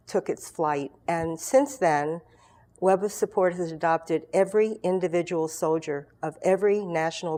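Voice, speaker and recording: A woman's voice: low voice, dark tone. A woman in her sixties telling her story as an interview guest, chatty and rambling, with many fillers and restarts. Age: 60s. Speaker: guest, founder of a soldier support group.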